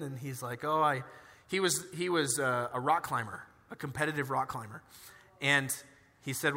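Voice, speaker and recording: A young man preaching a sermon in a casual, animated way, telling personal stories and acting out their dialogue. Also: on the high side, normal speed. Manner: animated, conversational, acts out dialogue in his stories. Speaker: pastor. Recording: reverberant church hall.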